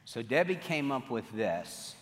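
A man giving a lively talk on marriage to an audience, acting out his own past lines as he tells the story. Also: medium pitch, measured pace. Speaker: marriage speaker. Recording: reverberant hall.

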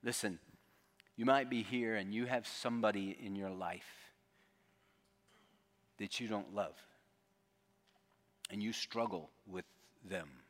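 Male pastor, lowish voice, earnest storytelling sermon, long church reverb. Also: takes it slowly, long pauses. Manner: earnest, drops to a hushed tone for quotes. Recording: long reverb of a large hall.

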